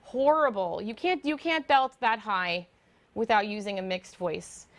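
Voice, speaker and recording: A woman teaching singers about vocal muscles and intonation in a lively lecture, now and then singing short demonstration notes. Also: mid-range voice, unhurried. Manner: animated, demonstrates sung notes. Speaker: guest voice teacher. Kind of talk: lecture to a choir.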